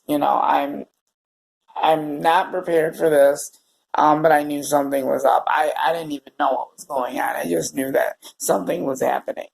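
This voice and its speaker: A male vlogger talking to his viewers in a tearful, emotional way, halting and close to crying. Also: on the high side, steady tone, creaky, rough recording. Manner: emotional and halting, often addressing viewers as "you guys". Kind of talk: personal video diary.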